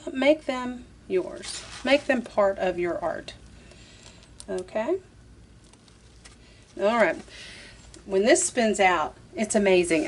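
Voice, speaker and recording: This woman speaks a little slowly in a medium-pitched voice with lively intonation, against slight background noise. Chatty and given to saying "y'all," she talks to herself while working through a casual craft tutorial, step by step.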